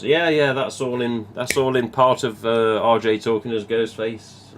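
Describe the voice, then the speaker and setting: This English live streamer with a Midlands accent chats casually, reads viewer comments, rambles and swears occasionally. His mid-range voice is a bit bright and level in tone, moving at a measured pace with few pauses, over a slight hiss or hum.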